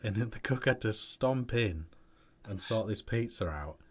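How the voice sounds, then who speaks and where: A man's voice: on the low side, expressive, measured pace, slightly rough. A British man co-hosting a casual chat, telling anecdotes in a dry, matter-of-fact way. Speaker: co-host.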